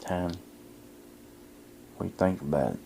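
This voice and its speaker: A man vlogging casually with a camcorder, chatting to his dogs and hushing his voice indoors. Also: sits low, normal speed, gravelly, slight background noise. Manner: talks to his dogs in a coaxing voice, drops to a hush indoors. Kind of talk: casual vlog narration to camera. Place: house indoors, then backyard outdoors. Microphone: handheld camcorder mic.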